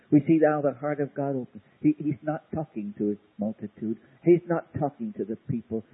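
Impassioned preacher on old tape. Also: male voice, fairly high pitch, breathy edge. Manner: impassioned, swings from hushed to loud. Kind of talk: sermon on tape. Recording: tinny lo-fi cassette tape.

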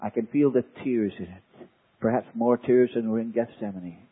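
A man preaching an impassioned sermon, swinging from hushed pleading to loud cries. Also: mid-range voice, moderate pace, breathy edge. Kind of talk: sermon on tape. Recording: tinny lo-fi cassette tape.

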